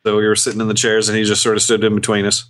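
A man's voice: on the low side, monotone, rapid-fire, a bit bright. A man co-hosting a podcast, telling convention stories in casual chat with many restarts. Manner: rambling storytelling with many restarts. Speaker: podcast co-host.

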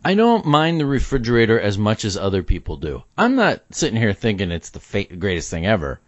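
Opinionated man, lively swooping voice. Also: on the low side, a little fast, no room sound. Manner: opinionated, animated, laughs often. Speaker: podcast co-host. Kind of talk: casual chat about a film. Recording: dull dry lo-fi sound.

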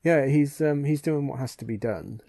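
A man co-hosting a fan podcast, agreeing often and thinking aloud in a relaxed way. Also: mid-range voice, normal speed, creaky, no echo. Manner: agreeable, thoughtful, many yeahs. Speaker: podcast co-host. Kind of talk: casual fan discussion.

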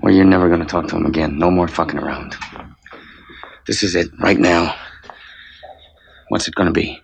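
A man's voice: deep voice, steady tone, normal speed, vocal fry, muffled recording, slight background noise. An actor playing a desperate father of a kidnapped boy, snarling threats down the phone in a thriller film. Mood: angry.

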